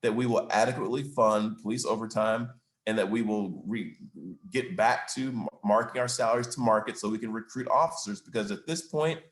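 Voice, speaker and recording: A man's voice: on the low side, a little fast. Emphatic man in an echoey room. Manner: emphatic, argumentative, stresses facts and figures. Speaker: mayor speaking at a chamber of commerce event. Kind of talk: public Q&A answer.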